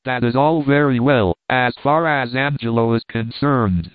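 A man voicing a sharp-tongued, irritable young man who speaks with biting sarcasm. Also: medium pitch, a little slow, dry recording, natural voice. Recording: tinny phone-like line, dry.

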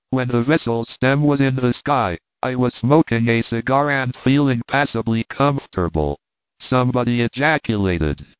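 A man's voice: medium pitch, dry recording. A man reading a travel memoir aloud as narrator, with a dry, wry storytelling manner. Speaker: audiobook narrator. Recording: dry, tinny phone-like sound.

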